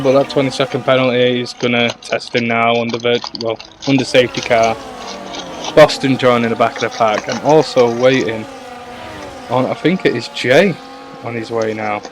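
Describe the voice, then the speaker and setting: Excitable man calling a sim race. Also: mid-range voice, noisy background. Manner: excitable, chatty, talks to viewers and co-host. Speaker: league owner and race commentator. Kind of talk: live sim racing commentary.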